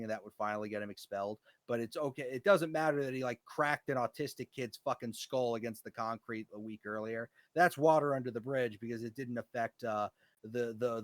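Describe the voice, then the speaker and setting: A man's voice: mid-range voice, no room sound. A man from the United States in casual chat, ranting and swearing as he tells stories. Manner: profane, ranting storyteller.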